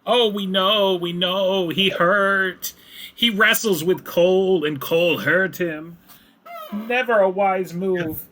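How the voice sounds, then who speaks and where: A man voicing small devoted kobold creatures that talk in high, broken, eager phrases. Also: slow pace, a bit bright. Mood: eager pleading. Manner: high squeaky voice, broken grammar.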